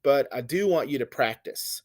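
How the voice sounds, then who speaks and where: In a recorded literature lecture, a male teacher with a medium-pitched, lively voice patiently explains poetic meter. He speaks slowly and deliberately, counting out stresses and reassuring his students.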